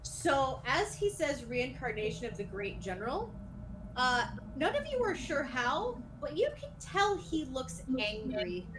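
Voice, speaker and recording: A woman's voice: high-pitched, very animated, measured pace. A woman running a tabletop game as dungeon master, narrating casually with frequent restarts. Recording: noisy background.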